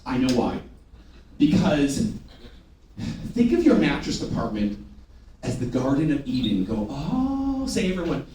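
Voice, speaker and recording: A man giving a lively sales training to a live audience, prompting them to repeat after him and teasing them. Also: medium pitch, unhurried, long pauses, a little hiss or hum. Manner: energetic, call-and-response with the audience; teasing, loud bursts. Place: large training room before an audience. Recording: echoey room recorded from far off.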